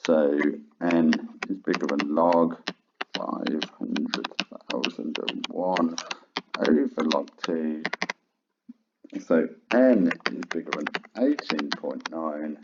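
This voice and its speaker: A man's voice: rumbling low, takes it slowly, noisy background. A man teaching a maths lesson, chatty and informal with lots of fillers. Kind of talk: classroom lesson. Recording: dull lo-fi sound.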